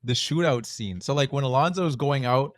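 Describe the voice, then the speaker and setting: Man, podcast co-host, casual film chat, relaxed, mid pitch, dry close sound. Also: moderate pace, no echo. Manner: relaxed, conversational, loose with fillers.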